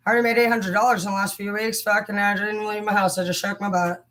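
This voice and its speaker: A woman's voice: mid-range voice, little pitch movement, fast, fairly bright tone, slight background noise, rough recording. A young woman hosting a livestream, talking in a heated, profane, rambling way. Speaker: livestream host. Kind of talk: casual livestream rant.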